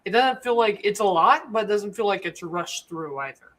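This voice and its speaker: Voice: medium pitch, expressive, moderate pace, fairly bright tone. A co-host in a casual review chat, talking enthusiastically with plenty of fillers.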